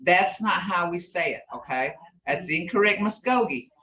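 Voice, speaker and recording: Here an older woman with a fairly low, expressive voice teaches an informal online language class at a moderate pace, her tone a bit bright. She rambles somewhat, regularly pausing to ask "okay?" so she knows her students understand. The sound is echoey and distant, in dull lo-fi quality.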